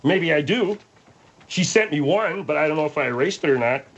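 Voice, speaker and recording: A man's voice: on the high side, expressive, fairly quick, a bit bright, a little hiss or hum. A man voicing a crude, needling male studio sidekick in comedic talk radio role-play. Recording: dull muffled sound.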